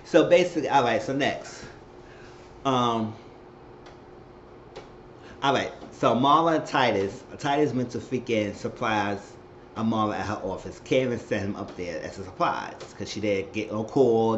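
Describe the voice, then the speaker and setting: A man's voice: fairly low pitch, moderate pace. A man giving a casual, slangy recap of a TV episode, retelling scenes with lots of exclamations. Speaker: TV show recapper. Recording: roomy, dull recording with faint hiss.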